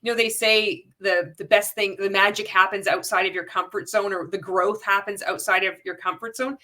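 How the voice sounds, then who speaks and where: An anti-MLM video creator speaks straight to her viewers in casual commentary, her medium-pitched voice steady, bright, and forceful at a normal speed. She fires off rhetorical questions and often restarts her sentences.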